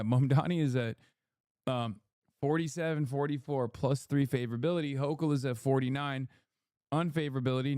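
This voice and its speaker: A man's voice: mid-range voice, a little mellow, dry recording, studio quality. A man streaming political commentary, swearing and ranting as he reads chat and polls. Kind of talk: casual livestream commentary.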